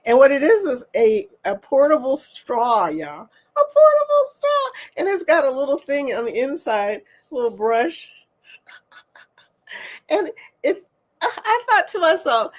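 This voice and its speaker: Upbeat woman livestream host, lively pitch, laughs often. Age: older. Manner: bubbly, laughs often, talks to viewers by name. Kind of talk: casual live chat.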